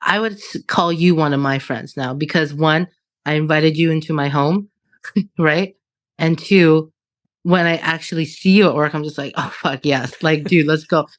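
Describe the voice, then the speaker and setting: Woman almost forty chatting on a podcast, swears a lot, laughs, talks pretty animated. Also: low voice, moderate pace. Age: 30s. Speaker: podcast co-host. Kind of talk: casual conversation.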